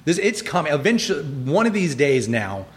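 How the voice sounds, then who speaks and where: A middle-aged man chatting as a guest in an interview, animated and acting out quoted lines with laughter. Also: on the high side, normal speed. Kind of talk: casual interview chat.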